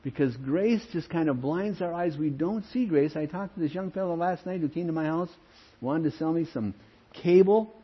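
A man's voice: a little high, normal speed, breathy edge, lo-fi sound. An older man, a pastor, preaching a sermon with earnest emphasis and calling his listeners friends.

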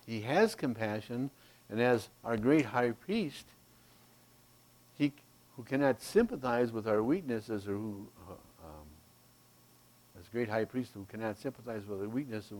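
A man's voice: medium pitch, lively intonation, a little mellow, rough recording. Man, preacher, verse-by-verse sermon, emphatic, mid-range voice. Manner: slow, emphatic verse-by-verse teaching with frequent "Okay?". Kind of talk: expository sermon.

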